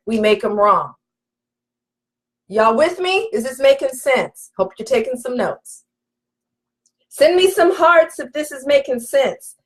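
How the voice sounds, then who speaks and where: Woman coach on a live stream, slightly high voice, emphatic and preachy, repeats points, talks straight to viewers. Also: low-quality recording. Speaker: relationship coach. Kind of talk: live-stream teaching, reading viewer comments.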